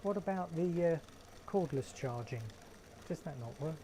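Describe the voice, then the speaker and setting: A man's voice: a little high, lively intonation, moderate pace, warm tone, a little hiss or hum, poor audio. A man with a London accent hosting a casual live stream from his garden shed, chatting with viewers in a wry, joking way. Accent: London English. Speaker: livestream host.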